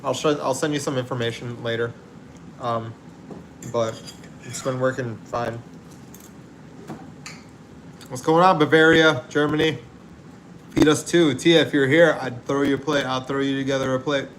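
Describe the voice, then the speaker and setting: Cooking outdoors at home, a man hosts a casual livestream, rambling easily, laughing readily, and reading viewer comments. His medium-pitched voice is steady and a bit bright at a moderate pace with frequent pauses, and there's a little hiss or hum.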